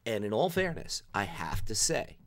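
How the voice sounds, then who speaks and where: Male gaming creator, lively pitch, ranting storyteller, opinionated commentary. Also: normal speed. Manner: animated, storytelling rant.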